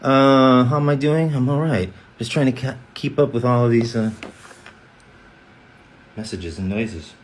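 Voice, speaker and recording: A man's voice: medium pitch, slight background noise. A man chatting casually on a live stream, reading fan comments aloud and answering them one by one. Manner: reads comments aloud, answers chattily, breaks into quick character voices. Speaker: voice actor hosting a live fan Q&A.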